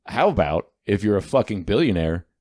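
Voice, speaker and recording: A middle-aged man with a lowish voice rants through a casual podcast chat. He swears freely and gets animated, and he keeps talking over his co-host. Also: brisk.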